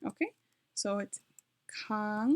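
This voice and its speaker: A woman walks through a beginner lesson at home in a loose, chatty way. She corrects herself mid-sentence as she types, and her voice sits at an ordinary middle pitch. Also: fast. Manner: chatty, self-correcting, talks while typing. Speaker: language learning vlogger. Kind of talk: casual tutorial. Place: home, with her dog nearby.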